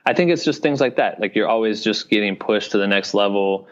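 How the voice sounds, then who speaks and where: A man's voice: fairly low pitch, a little fast, highs cut off. A young man from Iowa, a podcast guest, talking casually and rambling, often adding "you know what I mean". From Iowa, United States. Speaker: podcast guest, video director. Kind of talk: casual interview talk.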